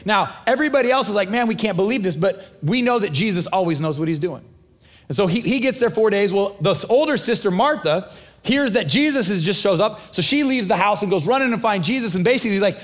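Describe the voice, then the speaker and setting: Middle-aged male pastor, high voice, chatty sermon delivery with acted-out dialogue. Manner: casual, conversational preaching with acted-out dialogue.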